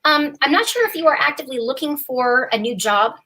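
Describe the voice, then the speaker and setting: Casting: woman psychic, bright and a bit high, chatty live reading. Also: expressive, fairly quick, rough recording. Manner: chatty, playful, warm reassurance. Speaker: psychic reader.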